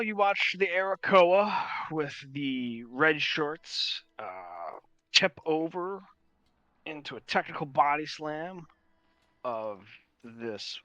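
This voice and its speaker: A man's voice: mid-range voice, pushed and bright, no echo. A man narrating as game master in a tabletop game, rambling and filler-heavy.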